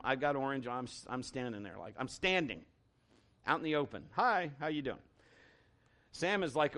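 In a medium-pitched voice, this middle-aged pastor spins a folksy tale during his sermon. He's animated, frequently starts sentences over, and acts out what characters say.

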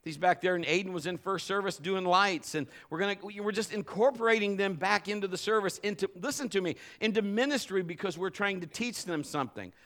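High bright-voiced middle-aged male pastor. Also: fairly quick, hardly any pauses. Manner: emphatic preaching, building to fervent exhortation. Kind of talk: live sermon. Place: church service.

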